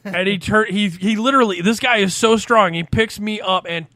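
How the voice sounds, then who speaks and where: A man in his forties, a podcast host, telling a story in casual, profane chat, animated and loud at the big moments. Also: sits high, moderate pace, no room sound.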